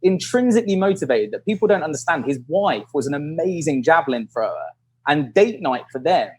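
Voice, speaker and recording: A British man in his thirties, a guest calling in by video, telling stories in a lively way, laughing and acting out what others said. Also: a little high, brisk, breathy edge. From United Kingdom. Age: 30s. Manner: animated, laughing storyteller who acts out quotes. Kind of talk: casual interview storytelling. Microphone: video call.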